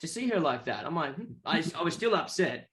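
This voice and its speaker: Aussie guy telling a wild story, lively, a bit high-pitched, swears a lot. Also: fairly quick. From Australia. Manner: animated, acts out other people's voices; swears casually. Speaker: guest musician. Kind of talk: casual storytelling.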